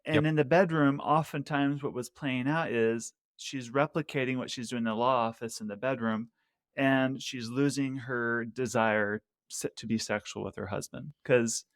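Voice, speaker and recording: A man's voice: mid-range voice, steady tone, moderate pace, dry recording, studio quality. A man hosting a podcast interview, attentive and encouraging, telling a story and prompting his guests. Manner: attentive, encouraging, frequent backchannel. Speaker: podcast host. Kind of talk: casual interview.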